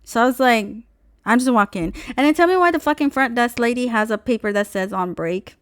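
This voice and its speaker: A young woman vlogger telling a story in an exasperated, profane, animated rant. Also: fairly high pitch, brisk, clear, resonant tone, dry recording, clean studio sound.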